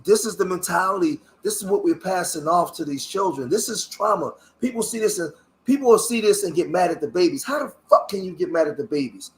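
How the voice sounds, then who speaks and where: A man's voice: sits high, expressive, fairly quick. A man from Philadelphia giving a passionate, preachy reaction commentary, swearing as he talks. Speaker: online commentator.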